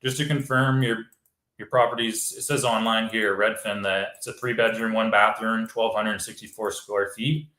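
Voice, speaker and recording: A man's voice: on the low side, fairly even intonation, normal speed, sharp tone, echoey room. A man, a real estate wholesaler, explaining step by step in casual chat and acting out sample phone calls.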